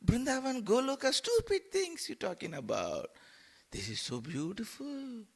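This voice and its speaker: A man voicing Maya as a seductive female temptress spirit who coaxes slowly and in a hush, then scolds shrilly. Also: wildly swooping pitch, creaky, exaggerated voice. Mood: shrill scolding. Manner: coaxing, slow and hushed, turning shrill and scornful.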